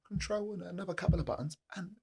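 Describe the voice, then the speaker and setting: A man's voice: steady tone, fast talker, a little mellow. A man talking candidly as a podcast guest, earnest and plain-spoken, driving his points home by repeating them. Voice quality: gravelly husky low voice. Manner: earnest and motivational, plain-spoken, uses repetition. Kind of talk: candid conversational storytelling.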